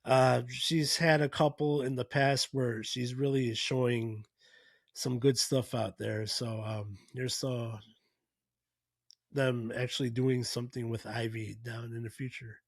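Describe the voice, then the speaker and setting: A man's voice: medium pitch, little pitch movement, unhurried, vocal fry, no room sound. A man hosting a podcast, recapping events in a casual, rambling way with plenty of fillers and restarts. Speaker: podcast host.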